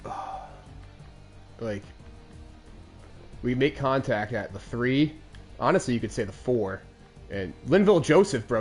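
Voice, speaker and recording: A man's voice: mid-range voice, lively intonation, unhurried, pauses often, faint music behind. A man in his twenties hosting a game commentary show, recapping a lost Madden game in a crude, aggrieved rant. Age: 20s.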